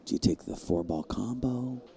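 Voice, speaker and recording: A man's voice: moderate pace, vocal fry, slight background noise. A man commentating a live pool match with a jokey, self-mocking manner. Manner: jokey, self-mocking, jumps to high excited bursts.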